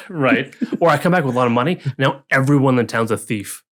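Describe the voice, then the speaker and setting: A man's voice: medium pitch, fairly quick, fairly bright tone. A man co-hosting a casual tabletop gaming podcast, rambling with restarts and acting out townsfolk lines. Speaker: podcast co-host, dungeon master. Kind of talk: casual chat.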